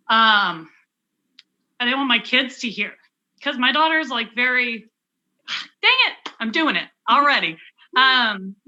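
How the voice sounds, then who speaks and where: A young woman speaks as an interview guest, telling her own story in a candid, conversational way. Her voice is very bright and clear, and her pitch sits in a middle range. She talks casually, with plenty of fillers and restarts. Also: highs cut off. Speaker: interview guest, cancer survivor.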